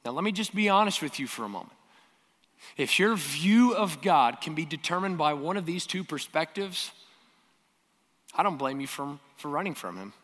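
A man's voice: on the high side, expressive, moderate pace, a bit bright, long reverb tail. A man preaching a sermon, talking earnestly and directly to the congregation and asking them rhetorical questions. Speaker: pastor.

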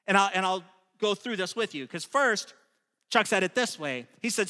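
A man preaching a sermon in a relaxed, conversational way, stressing key points and often restarting his phrases. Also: high voice, normal speed. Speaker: pastor. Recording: long reverb of a large room.

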